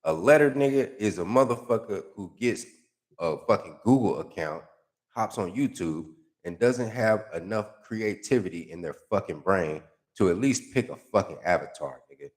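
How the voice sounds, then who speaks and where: A man reading out and mocking comments in casual, profane commentary, with heavy slang and a sarcastic, animated delivery. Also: sits low, moderate pace. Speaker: YouTube commentator.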